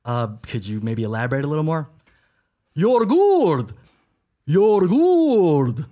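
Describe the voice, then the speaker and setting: A man's voice: fairly high pitch, huge pitch swings, takes it slowly, dark tone, heavily acted. A man acting out a comic skit, playing both Dracula and a bewildered random guy. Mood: exasperated.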